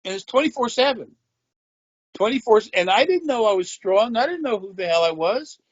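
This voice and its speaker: A man's voice: high-pitched, lively intonation, moderate pace, no room sound. Rambling man, dry muffled sound. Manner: meandering, profane, matter-of-fact. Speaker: interviewee. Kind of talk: rambling personal storytelling.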